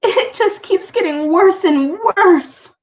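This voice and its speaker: A woman's voice: very high-pitched, lively intonation, slow pace, voice pushed up, heavily acted. A woman voicing a distraught mother crying out in panic, in a storybook read-aloud.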